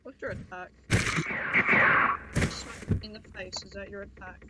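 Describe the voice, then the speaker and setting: A woman giving casual game commentary, excitable and yelping when startled. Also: medium pitch, unhurried, very noisy. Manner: excitable, yelps and shouts at surprises. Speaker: gameplay commentator.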